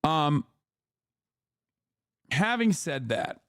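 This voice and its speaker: A man's voice: fairly high pitch, sing-song, very slow, a bit bright, smooth, dry recording, clean studio sound. A man in his thirties ranting on a live stream, crude, mocking and combative. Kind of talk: profane live-stream rant.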